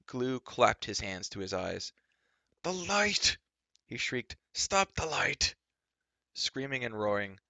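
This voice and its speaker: Male storybook reader, low gravelly voice, dramatic read. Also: sharp tone, no room sound. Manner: dramatic narration. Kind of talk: live storybook reading.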